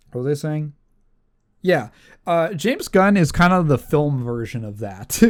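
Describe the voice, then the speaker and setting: Rambling podcast co-host, casual movie review talk, mid pitch, frequent laughs. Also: a little mellow. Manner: rambling, self-correcting, quick to laugh.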